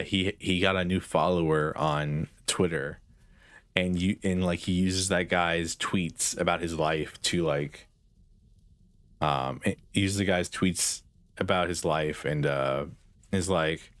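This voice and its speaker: Young male streamer, very low voice, dry close mic, sarcastic rambling chatter. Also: steady tone, slow pace, fairly bright tone, no room sound. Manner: rambling, sarcastic, swears casually. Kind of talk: casual gameplay chat with chat.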